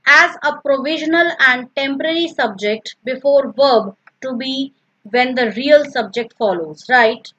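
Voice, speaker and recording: High-voiced woman teaching slowly. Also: fairly bright tone, dull audio. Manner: patient, explains step by step, repeats examples. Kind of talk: recorded grammar lesson.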